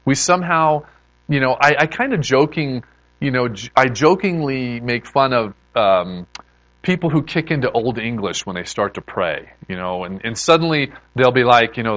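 A man preaching in a relaxed, chatty way, often stopping to restart a sentence. His pitch swings widely as he talks. The sound is dry and close, with no room echo. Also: normal speed. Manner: animated, conversational preaching with many restarts. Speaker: pastor. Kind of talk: sermon.

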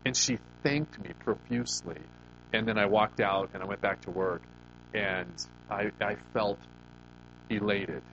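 A man's voice: mid-range voice, muffled recording, noisy background. A man preaching a sermon, telling a personal story with rhetorical questions and frequent restarts. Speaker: pastor.

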